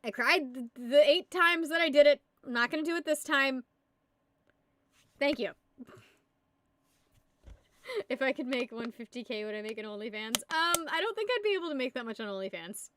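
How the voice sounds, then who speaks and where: A woman's voice: sits high, animated, moderate pace, pauses often, bright, forceful tone, a little hiss or hum. A young woman from the United States chatting casually on a live stream, giggling and rambling as she answers her chat. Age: young adult. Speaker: livestreamer.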